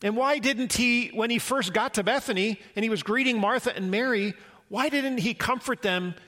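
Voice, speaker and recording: A man's voice: extremely high pitch, moderate pace, bright, forceful tone. A man preaching a sermon as a pastor, earnest and reflective, posing rhetorical questions to the congregation.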